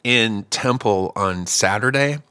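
A man's voice: on the low side, slow pace, pushed and bright, smooth, no room sound. Dry-voiced middle-aged man telling stories. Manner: profane, joking, acts out both sides of conversations. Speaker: musician and podcast host. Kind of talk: casual storytelling chat.

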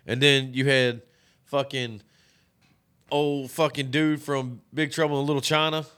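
A man's voice: mid-range voice, level tone, unhurried, a bit bright, clean tone. A man co-hosting a podcast, chatting casually and profanely while reviewing a movie. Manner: profane, rambling, joking. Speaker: podcast co-host.

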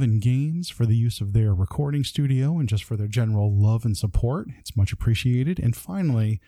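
A man hosting a tabletop gaming podcast, reading closing thanks in an earnest way with a few halting fillers. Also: medium pitch, warm tone, no room sound. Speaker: podcast host.

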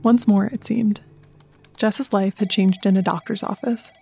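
A woman narrating a scripted sports documentary with an even, measured delivery. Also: medium pitch, vocal fry, breathy edge, faint music behind. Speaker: narrator and interviewer.

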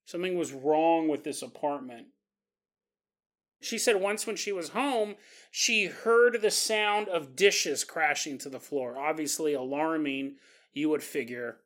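A man hosting a storytelling podcast, animated and quick to laugh as he acts out the people in his story. His voice has a bright, sharp edge. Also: fairly high pitch. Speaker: podcast host.

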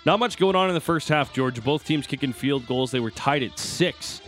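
Brief: male sports radio host, mid pitch, brisk recap delivery, faint music bed. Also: animated, a bit bright. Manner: brisk game recap, reads scores and plays. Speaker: sports radio co-host giving the morning report.

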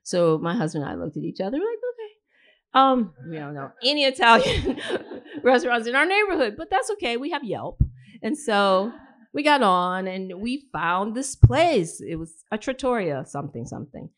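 A woman's voice: on the high side, moderate pace. A woman author at a live reading, telling a chatty anecdote to the audience. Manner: chatty storyteller, animated voices for dialogue. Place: live reading event indoors.

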